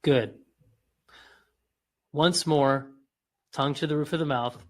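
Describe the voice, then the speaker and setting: Male instructor with a slightly high voice, calm coaching tone, stretches out the demo sounds. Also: takes it slowly. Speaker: instructor guiding an exercise. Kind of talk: guided exercise instruction.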